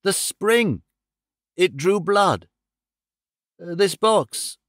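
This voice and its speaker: A man doing a dying detective, faint, gasping, slow, dry close mic. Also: high-pitched, expressive, a bit bright, dry recording, pitched above the performer's own voice, full character voice. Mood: feeble. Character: feigning dying male detective, weak and faint.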